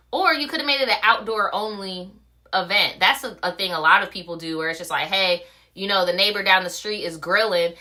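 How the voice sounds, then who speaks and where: A woman's voice: mid-range voice, moderate pace, bright, forceful tone, low-quality recording. A young woman ranting on a livestream, telling a story in blunt, profane words and acting out the quotes. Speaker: vlogger. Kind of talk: casual livestream rant.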